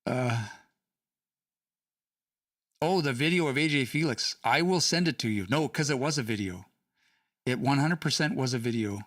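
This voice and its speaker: A man's voice: medium pitch, normal speed, pauses often, a bit bright, no echo, studio quality, distant mic. A man teaching language casually on a livestream, chatty, laughing and reading out chat comments.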